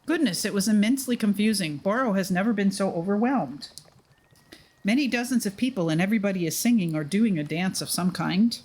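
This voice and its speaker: A woman's voice: mid-range voice, lively intonation, brisk, darkish tone, husky. Woman reading a courteous, formal male woodland figure, light touch. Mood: wondering. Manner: formal, speaks of himself by name. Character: kindly formal male forest dweller.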